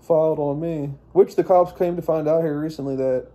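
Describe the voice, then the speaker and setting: A man's voice: fairly high pitch, steady tone, normal speed, mellow. A young man telling a personal story in a rambling, profane monologue, full of fillers and restarts. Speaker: vlogger.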